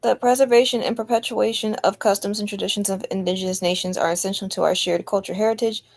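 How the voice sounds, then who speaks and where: A woman's voice: mid-range voice, fairly even intonation, quick pace, vocal fry, a little mellow, dry recording. Young woman, student meeting chair, flustered and apologetic, reads names over a video call. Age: young adult.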